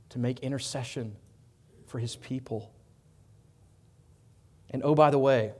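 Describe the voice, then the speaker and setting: A man preaching a sermon in an earnest way, rising loud on his appeals and dropping soft on quiet lines. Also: medium pitch. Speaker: pastor.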